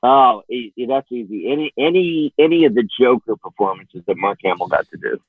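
A man's voice: mid-range voice, animated, fairly quick, dry recording. A man from Oklahoma, a podcast guest, speaking in a blunt, joking manner. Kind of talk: casual banter. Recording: tinny phone-like line.

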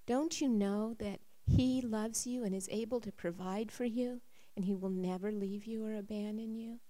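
A woman quoting a gentle, soft-spoken husband. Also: mid-range voice, unhurried, natural voice. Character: gentle, patient husband, a grown man.

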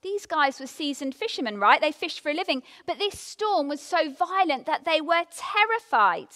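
A woman delivers a devotional talk, reading scripture and then telling a story from her own life with lively emphasis. Her voice sits high and bright and swoops widely in pitch. It carries a long hall reverb. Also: moderate pace. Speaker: devotional speaker.

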